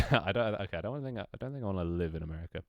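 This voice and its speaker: This is a young man with a very low voice, rambling to his stream audience. He swears casually and trips over his words as he goes. The sound is dry and close. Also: lively intonation, rapid-fire, no echo. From London, England. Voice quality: swears casually, many restarts and laughs. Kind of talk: casual chat with stream viewers.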